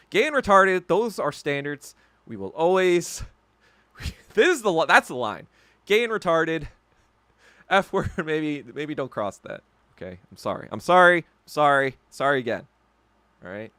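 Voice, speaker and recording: A man's voice: medium pitch, a bit bright, clear, resonant tone, no echo. A man hosting a podcast, ranting and swearing in casual chat with viewers and laughing often. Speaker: podcast host. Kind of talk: casual livestream chat reacting to viewer comments.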